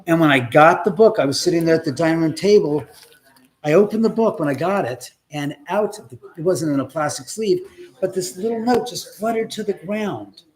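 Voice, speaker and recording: This man hosts a live stream from his house, his somewhat high voice animated and at normal speed. Chatty and relaxed, he tells a story, imitating the people he quotes and dropping casual curses.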